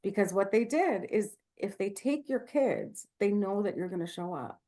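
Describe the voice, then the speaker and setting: A woman's voice: medium pitch, animated, moderate pace, warm tone. A woman midwife speaking passionately and candidly on a video call, with many fillers and restarts. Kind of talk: online talk Q&A, casual.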